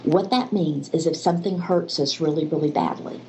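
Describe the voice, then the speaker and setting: Woman, low voice, animated storyteller in a faith-based interview, slight noise behind. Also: normal speed, poor audio.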